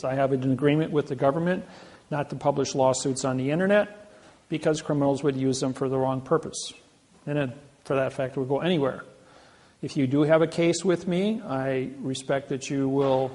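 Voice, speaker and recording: A man telling boastful stories to an audience, animated, with many restarts. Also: mid-range voice, normal speed. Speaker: seminar speaker. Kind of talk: storytelling talk to an audience.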